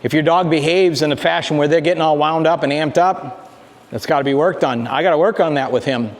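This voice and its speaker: A man working as a dog trainer, explaining calm greetings in a plainspoken way while he talks to a dog. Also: fairly high pitch, brisk, big-room sound. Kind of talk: casual instruction to camera.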